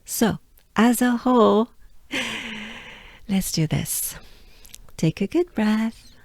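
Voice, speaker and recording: French-accented woman tutor, patient and encouraging, unhurried delivery, dry booth-like sound. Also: medium pitch, a little mellow, no echo. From France. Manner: drills syllables slowly, patient and encouraging. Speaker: pronunciation teacher. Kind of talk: slow pronunciation lesson.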